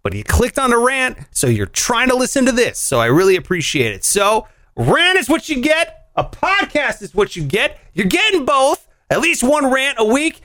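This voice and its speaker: A man hosting a comedy news rant podcast, jokey and animated, swinging his voice up and down for punchlines. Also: high-pitched, dry recording, clean studio sound. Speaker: podcast host.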